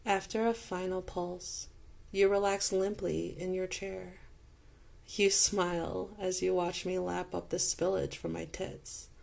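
A woman narrates an intimate second-person audio role-play, speaking softly and very slowly. Her voice sits a little low, with a gravelly fry running through it. The delivery stays close and unhurried. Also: little pitch movement. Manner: slow, soft and intimate.

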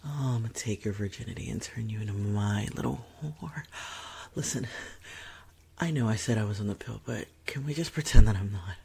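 A woman's voice: very deep voice, a little fast, creaky, warm tone, slightly rough, exaggerated voice. A woman voicing a confident, possessive young woman in a whispered role-play, teasing and commanding, often dropping into whispers.

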